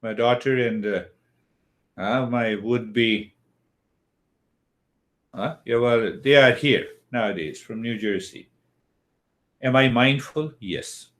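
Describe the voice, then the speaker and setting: A man's voice: medium pitch, a bit bright. An older man teaching a yoga philosophy lesson, who asks questions and answers them himself. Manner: slow and deliberate, asks and answers his own questions.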